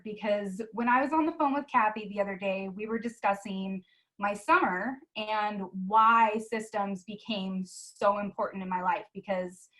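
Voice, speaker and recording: A woman's voice: medium pitch, a bit bright, poor audio. A woman and mother telling her story on a video call, earnest and emotional, in a chatty conversational way. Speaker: sales team leader, guest.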